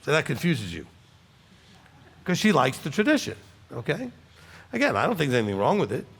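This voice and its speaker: Gravelly Southern rabbi, lively pitch. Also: male voice, brisk, long reverb tail. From Alabama, USA. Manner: conversational, repeats "okay?" for emphasis. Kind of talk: congregational Q&A teaching. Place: congregation hall.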